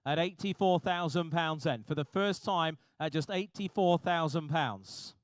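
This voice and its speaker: A man working as an auctioneer, calling bids briskly and repetitively with jokey asides to the room. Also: on the high side, no echo. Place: auction hall.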